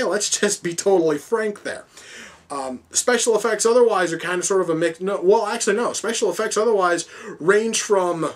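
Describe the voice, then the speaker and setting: A man giving a casual, profane, exasperated film review, rambling as he goes. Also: high voice.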